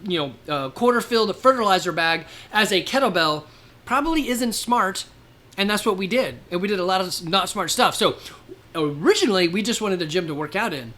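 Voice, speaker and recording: Animated storytelling man, bright voice. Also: high-pitched. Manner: storytelling, animated, laughs often. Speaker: podcast host. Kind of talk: casual presentation.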